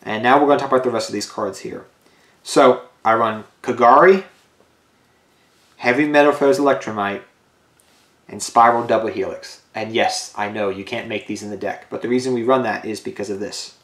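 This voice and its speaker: A man's voice: lowish voice, moderate pace, fairly bright tone. A man casually talking through a card game deck, rambling with restarts, tired and a bit out of breath. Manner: loose, rambling, lots of restarts and "you know". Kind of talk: casual deck profile talk. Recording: roomy echo.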